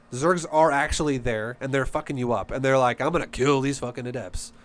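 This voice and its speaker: A man's voice: mid-range voice, fairly bright tone. A man coaching a player through a game replay in a casual, blunt, profane and passionate way. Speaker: StarCraft coach.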